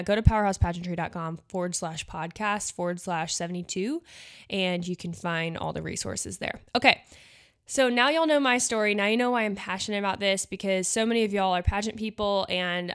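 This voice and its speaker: A woman's voice: medium pitch, fairly bright tone. A young woman from the Midwest hosting a podcast, talking casually and chattily with lots of fillers and asides. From Nebraska. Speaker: podcast host and pageant coach. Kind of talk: casual solo podcast talk.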